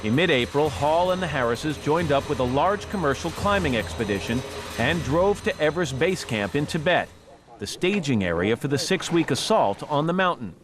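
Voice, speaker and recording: A man narrating a news documentary in a measured, grave manner. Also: on the high side, expressive. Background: music.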